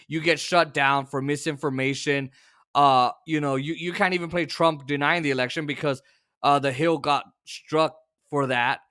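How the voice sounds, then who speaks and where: A man with a slightly high voice hosts a political commentary show, sounding opinionated, sarcastic, and exasperated, and every so often he breaks into sudden shouts.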